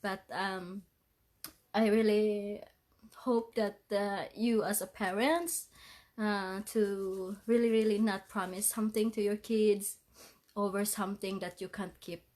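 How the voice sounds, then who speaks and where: A tearful woman talks straight to her viewers, her voice unsteady from crying. She speaks in halting phrases, apologizing again and again and half-laughing through the tears. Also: medium pitch, fairly even intonation, a little mellow. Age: adult parent. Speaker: vlogger. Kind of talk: emotional livestream vlog.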